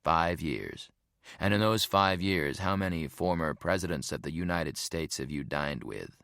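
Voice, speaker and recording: A man voicing a calm, smug male executive who speaks blandly and condescendingly. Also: low voice, unhurried, creaky, dry recording, clean studio sound, heavily acted.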